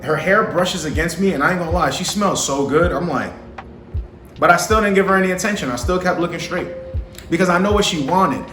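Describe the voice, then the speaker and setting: Young man, fairly high voice, casual slangy profane monologue, echoey room, faint music behind. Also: brisk, a bit bright. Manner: slangy, profane, keeps asking "you understand?". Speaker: vlogger giving dating advice to men.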